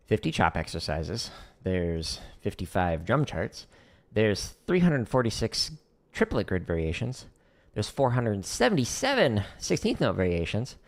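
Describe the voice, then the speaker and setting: A man leading a casual drum practice live stream, chatty and relaxed, explaining exercises and counting out patterns. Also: fairly low pitch, creaky.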